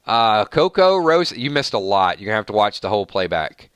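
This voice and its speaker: A man's voice: fairly low pitch, fast talker, a bit bright, clear, resonant tone, dry recording. A man hosting a casual live stream, rattling off long lists of viewer names and thanking each one.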